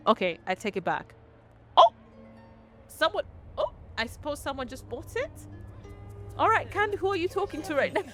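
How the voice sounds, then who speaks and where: A woman's voice: high-pitched, very animated, normal speed, pauses often, bright, forceful tone. A woman giving casual let's-play commentary, chatty and exclaiming, talking to the game characters while game music plays. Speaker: gameplay commentator.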